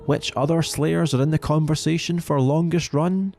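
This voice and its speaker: Gravelly man narrating a lore video. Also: a little high, steady tone, darkish tone. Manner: measured, explanatory. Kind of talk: scripted narration.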